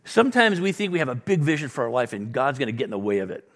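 A middle-aged man preaching a sermon, acting out the dialogue with sudden loud bursts and soft drops. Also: medium pitch, animated, quick pace. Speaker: pastor.

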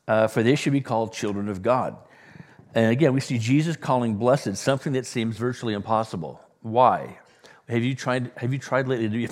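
A pastor from Southern California preaching a sermon, his middle-pitched voice ringing through a long-echoing hall. He jokes with the congregation, with loud bursts and trailing quiet asides.

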